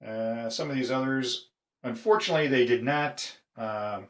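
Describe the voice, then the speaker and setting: A middle-aged man collecting padlocks, talking casually in a show-and-tell video, halting with frequent pauses. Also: mid-range voice, a bit bright. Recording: echoey room.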